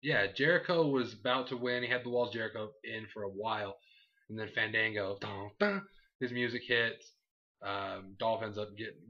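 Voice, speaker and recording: A man's voice: on the low side, bright, forceful tone. A man co-hosting a casual wrestling recap chat, rambling and acting out quotes in silly voices. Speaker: podcast co-host. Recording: dull lo-fi recording.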